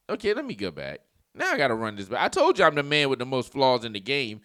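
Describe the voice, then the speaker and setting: A man's voice: medium pitch, wildly swooping pitch, quick pace, sharp tone, dry recording. Brash joking man reacting to clips. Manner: brash, joking, crude, rambling. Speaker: reaction video host. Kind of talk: casual reaction commentary.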